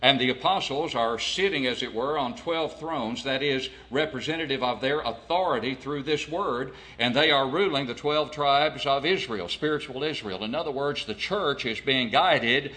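A man preaching an expository sermon, reading scripture and explaining it in a deliberate way, with rhetorical questions to the congregation. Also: mid-range voice, sharp tone.

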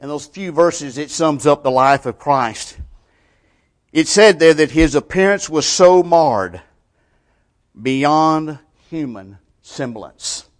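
His voice a little high and his pace slow, this preacher uses lively intonation and simple, colloquial grammar. The sermon rises to loud emphasis and then drops to lines that are almost whispered.

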